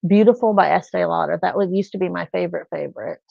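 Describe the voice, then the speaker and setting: A woman's voice: lowish voice, fast, gravelly, dark tone, no room sound. A woman hosting a casual live chat, telling rambling everyday stories. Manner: chatty, rambling storyteller. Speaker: live stream host. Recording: dull lo-fi sound.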